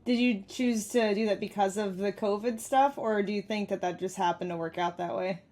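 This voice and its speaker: A woman's voice: mid-range voice, steady tone, moderate pace, darkish tone. A woman hosting a casual stream call, giving supportive, short replies. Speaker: host. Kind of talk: casual chat.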